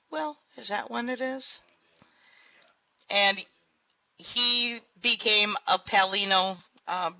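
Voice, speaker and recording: A woman's voice: fairly high pitch, creaky. A woman speaking at a community town hall, telling a story casually and laughing often as she goes. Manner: laughs often, animated when retelling. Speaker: virtual world grid owner speaking at a town hall.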